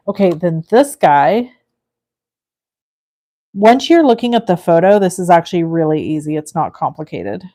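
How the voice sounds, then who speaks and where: A woman's voice: fairly low pitch, expressive, moderate pace, pauses often, warm tone. A woman hosting a live card-making stream, chatting casually and thinking aloud as she works and reads viewer comments. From California. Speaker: crafting livestream host. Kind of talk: casual live crafting demo.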